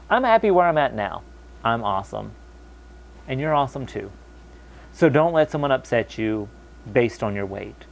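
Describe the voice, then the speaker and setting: A young American man talking casually to camera, animated, mocking other people's voices when quoting them. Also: on the low side, gravelly. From United States. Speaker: vlogger.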